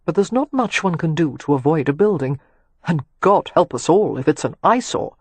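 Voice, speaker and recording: An audiobook reader voicing a charming, self-assured young nobleman with wry, teasing talk, husky in tone. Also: mid-range voice, lively intonation, normal speed, no room sound. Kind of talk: audiobook character reading.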